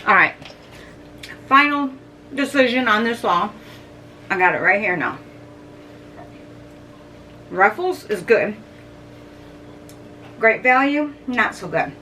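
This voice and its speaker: On a distant mic with faint background noise, a middle-aged food vlogger gives a casual snack review to camera, humming and chewing between bites. Her fairly high voice is animated, pushed and bright, and she speaks slowly with long pauses.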